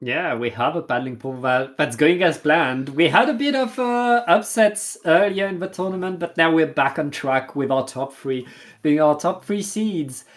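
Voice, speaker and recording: Hesitant mid-pitched co-caster. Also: normal speed. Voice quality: hesitant, many fillers and restarts. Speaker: esports co-caster. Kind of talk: color commentary.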